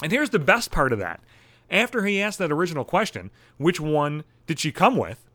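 A man in his thirties spins a foul-mouthed comic story, his voice leaping all over the place as he works himself into a rant. His voice sits a bit high for a man. The sound is close and dry, with no room around it. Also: very animated, moderate pace, sharp tone, no echo. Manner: swears constantly, gets worked up and ranting. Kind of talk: profane comic storytelling monologue.

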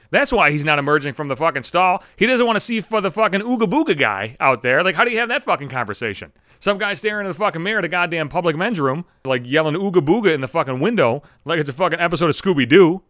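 A man rattles along at a quick clip in a fairly high voice, hosting his own solo podcast. He rambles through a story with constant swearing and animated retellings. The sound is dry and close, with no room around it. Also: no room sound. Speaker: podcast host.

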